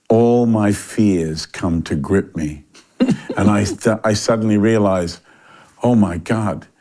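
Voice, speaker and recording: An older man, telling a long story in a relaxed interview, with lots of fillers and restarts. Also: fairly low pitch. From Australia. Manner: animated anecdotal delivery with frequent fillers and restarts. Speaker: interview guest.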